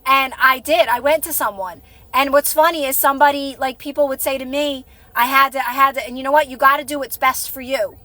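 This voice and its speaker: Chatty encouraging woman on a live stream, high bright voice, rambles and restarts a lot. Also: steady tone, brisk, no echo. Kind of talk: casual live stream chat with viewers.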